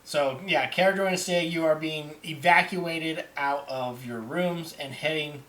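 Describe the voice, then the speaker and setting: A young man narrating a tabletop game as game master in an animated, halting way. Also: fairly high pitch.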